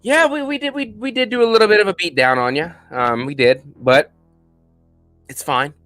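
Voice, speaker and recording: A man's voice: high voice, normal speed, a bit bright, dry recording, faint music behind. A man hosting a live stream, chatting casually and rambling as he answers viewer questions and thanks viewers by name.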